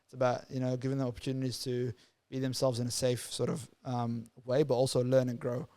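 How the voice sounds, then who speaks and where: A man's voice: mid-range voice, monotone, mellow. A man from Somalia, a youth worker talking earnestly as a podcast guest and leaning on repeated words and fillers. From Somalia, raised in Australia. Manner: fast, earnest, full of repeated words and "you know" fillers. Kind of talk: casual podcast interview.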